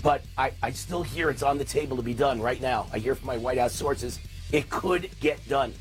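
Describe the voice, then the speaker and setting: A man's voice: mid-range voice, moderate pace, soft background music. A man hosting a talk radio show, delivering an impassioned, ranting political monologue.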